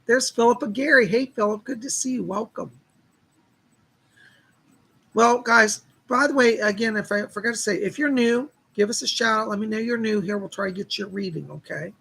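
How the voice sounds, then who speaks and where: A man chats casually to viewers on a live stream in a folksy, friendly way, greeting people by name. His voice has a gravelly fry and sounds husky and strained, as if worn out from talking. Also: high-pitched, moderate pace, a bit bright. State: strained, tired voice. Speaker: psychic reader hosting a live stream.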